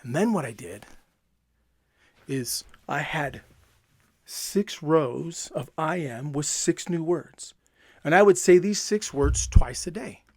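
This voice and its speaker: A man giving an energetic, emphatic motivational talk, repeating phrases for effect. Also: on the high side, takes it slowly, pauses often, no room sound. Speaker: self-help coach.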